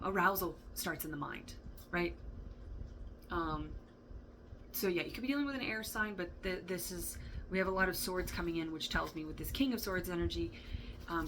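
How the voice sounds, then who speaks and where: Woman, casual tarot reading, rambling and chatty, lower voice, bright timbre. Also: slight background noise, rough recording. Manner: rambling, thinks aloud, swears, laughs often. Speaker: tarot reader. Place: indoor room with a fan running.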